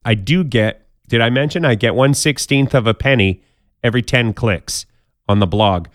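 A man's voice: medium pitch, moderate pace, dry recording, studio quality. A man hosting a podcast, counting down odd news stories in a casual, jokey way with playful asides. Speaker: podcast host.

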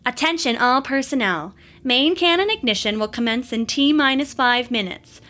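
A woman's voice: high voice, lively intonation, moderate pace, bright, forceful tone. A woman voicing an impersonal space-station announcement system in a formal, clipped way.

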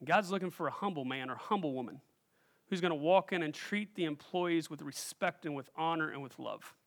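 A man preaching a sermon as pastor, animated and calling out questions to the congregation, acting out the voices he quotes. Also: fairly high pitch, fairly quick.

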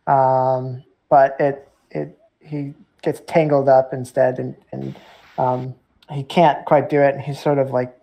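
A game master narrating a tabletop game, halting and full of fillers as they describe the scene and rule on spells. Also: mid-range voice, little pitch movement, gravelly, mellow, rough recording.

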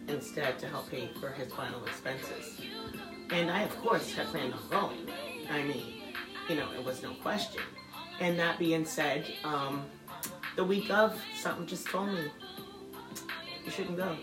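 Music plays behind a middle-aged woman as she shares a personal story in a relaxed interview, talking at a measured pace. Chatty, she performs the voices of those she quotes, her pitch rising amid laughter. The recording is rough and sounds roomy.

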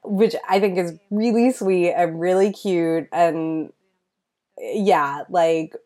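A woman's voice: lowish voice, slow, mellow. A woman co-hosting a podcast, chatting casually and gushing as she recaps a TV series, full of "like" and asides. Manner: gushing, enthusiastic, lots of "like". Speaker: podcast co-host recapping a show. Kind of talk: casual chat.

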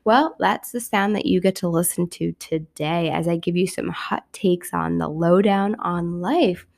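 A young adult woman hosting a casual solo podcast, hoarse and raspy from a cold, chatty and joking at her own expense. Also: on the low side, unhurried, a little mellow. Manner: chatty, self-mocking, upbeat. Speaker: podcast host.

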